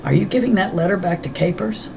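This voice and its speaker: A woman's voice: fairly low pitch, fast talker, gravelly, highs cut off, noisy background, pitched above the performer's own voice. A woman voicing an earnest, brainy sixth-grade girl who explains things eagerly. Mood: gentle.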